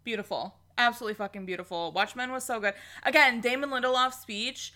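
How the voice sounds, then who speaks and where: Bright, excitable young woman gushing. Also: on the high side, fast talker, few pauses. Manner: excitable, gushing, swears freely. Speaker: podcast co-host. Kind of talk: casual chat.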